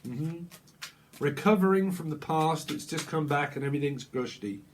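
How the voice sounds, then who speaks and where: A man's voice: a little high, moderate pace, slight background noise. A man giving a casual, improvised tarot reading. He rambles playfully, chuckling and riffing on wordplay. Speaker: tarot reader.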